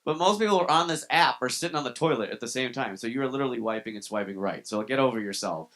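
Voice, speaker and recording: A man's voice: mid-range voice, fast talker, fairly bright tone. A man performing stand-up comedy in a club, joking about himself in a loose, profane, conversational way. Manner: self-deprecating, profane, conversational. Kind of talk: live stand-up set.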